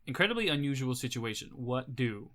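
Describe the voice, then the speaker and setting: A man narrating as game master, casual and halting as he describes scenes. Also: mid-range voice, big pitch swings, fairly bright tone.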